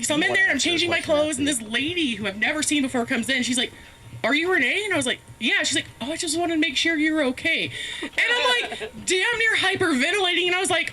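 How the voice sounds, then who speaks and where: A woman's voice: high-pitched, expressive, fairly quick, bright, forceful tone. A woman telling a rambling, profane, self-mocking story as a stand-up comedian, laughing often. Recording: faint background noise, live stream.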